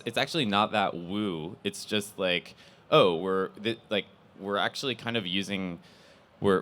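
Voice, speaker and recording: Very deep-voiced man hosting a panel. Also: bright, forceful tone. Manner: rambling, many restarts and fillers. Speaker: panel host. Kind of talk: casual panel talk. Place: conference panel stage.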